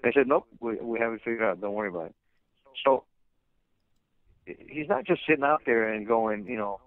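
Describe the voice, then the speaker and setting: During a phone interview, a blunt man speaking as a fighter's manager rants over a tinny line, full of fillers and restarts, with long pauses breaking up his moderate pace. His mid-range voice is animated. It sounds dry and close, without any room sound.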